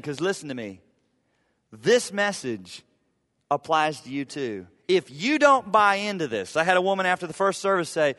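A man's voice: a little high, big pitch swings, normal speed, pushed and bright. A man preaching a sermon from the pulpit, talking conversationally and with emphasis, using humor and repeated phrases to drive points home. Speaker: pastor. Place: church sanctuary. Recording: long reverb of a church hall.

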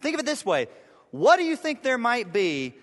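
A man's voice: very high voice, huge pitch swings, normal speed, fairly bright tone, in a large hall. A man preaching a sermon to his church, acting out the people he quotes in shifting voices. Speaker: pastor. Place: church sanctuary.

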